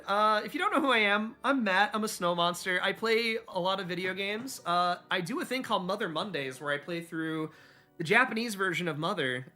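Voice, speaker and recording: A man streaming a video game, chatting casually and excitably with his viewers and joking around. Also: high voice. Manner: excitable and jokey, reading chat aloud. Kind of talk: casual live-stream chat while gaming.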